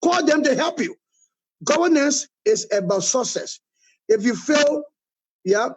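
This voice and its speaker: High-voiced Liberian man, emphatic. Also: animated, measured pace, rough recording. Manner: emphatic, repeats points for force. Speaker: political movement leader, guest. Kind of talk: interview answers, political criticism.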